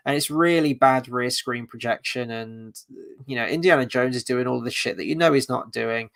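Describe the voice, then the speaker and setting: A man's voice: medium pitch, creaky, a bit bright. A man hosting a film review, ranting casually and bluntly, profane and rambling with many restarts, tired late at night.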